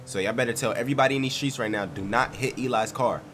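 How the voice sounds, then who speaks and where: Over slight hiss or hum, a young gaming streamer rattles off hyped, slangy commentary in a mid-range voice clogged by a cold. He talks fast and breaks into loud outbursts.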